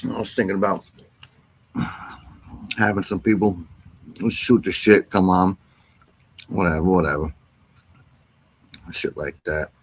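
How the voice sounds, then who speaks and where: A man with a low, gravelly voice holds forth on a casual livestream. His talk is loose, slangy and full of swearing, and his tone has a husky, worn texture. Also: a little slow, long pauses. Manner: profane, slangy ranting. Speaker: livestream host.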